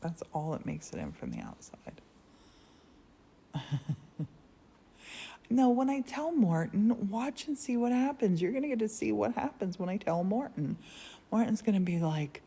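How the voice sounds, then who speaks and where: A woman hosting a casual live stream, telling rambling stories with frequent laughs from a quiet converted church studio. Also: mid-range voice, sing-song, measured pace, vocal fry, long pauses, slightly rough. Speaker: livestream host. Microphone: phone livestream.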